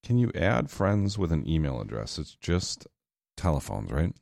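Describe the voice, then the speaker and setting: A man co-hosting a show in relaxed, agreeable casual chat. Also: extremely low pitch, moderate pace, vocal fry, no echo, clean studio sound. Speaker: podcast co-host.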